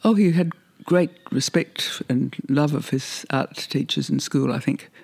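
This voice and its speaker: A man's voice: mid-range voice, a little slow, vocal fry, a little mellow. An older man being interviewed, reminiscing in a rambling, hesitant way with frequent laughs. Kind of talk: reminiscing conversation.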